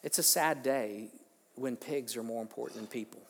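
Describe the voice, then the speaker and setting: Male pastor, husky, mid pitch, preaches with bursts of loudness in a reverberant sanctuary. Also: normal speed. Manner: emphatic preaching with sudden swings in loudness and rhetorical questions. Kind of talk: sermon. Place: church sanctuary.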